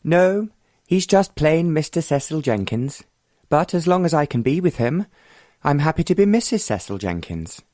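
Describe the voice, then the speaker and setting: A man voicing a bold, determined young woman who speaks frankly and confidingly, in a mid-pitched voice with little room sound. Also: lively intonation, moderate pace, darkish tone, no echo, studio quality, lightly acted.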